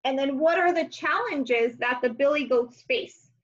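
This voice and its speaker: A woman teacher with a somewhat high voice leads young children through their homework, musing aloud with soft hums and fillers. The sound is a little dull and lo-fi. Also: a little slow.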